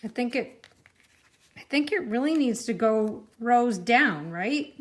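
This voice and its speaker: A woman's voice: a little high, animated, takes it slowly. A woman hosting a live-streamed card-making class, chatty and reacting to viewer comments as she works.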